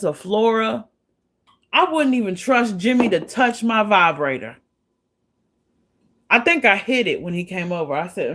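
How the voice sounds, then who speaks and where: Woman livestream host, casual gossip commentary; blunt, profane, chatty, quick to laugh. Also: on the low side, a bit bright.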